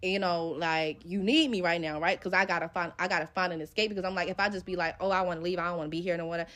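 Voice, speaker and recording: A woman's voice: fairly low pitch, fairly even intonation, fast talker, a bit bright. A young woman telling a story from her own life in casual, profane slang, acting out the dialogue as she goes. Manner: profane, slangy, retells scenes with quoted dialogue.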